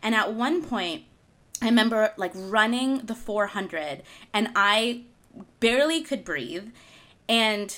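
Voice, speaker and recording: Bright-voiced woman chatting about her day, laughs a lot, lively storyteller. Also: mid-range voice, slow. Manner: animated, laughing through anecdotes. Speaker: author and guest speaker. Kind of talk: casual storytelling chat.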